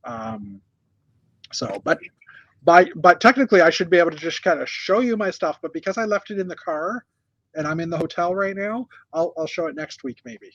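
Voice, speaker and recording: A man's voice: sits high, animated, normal speed, a bit bright. Rambling man host, dull lo-fi sound. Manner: rambling, many fillers, self-correcting. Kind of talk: casual chat on news. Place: hotel room.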